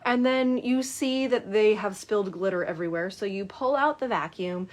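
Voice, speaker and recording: A middle-aged woman coach telling a client story in casual talk, acting out both sides of the dialogue with lively shifts. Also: medium pitch, normal speed.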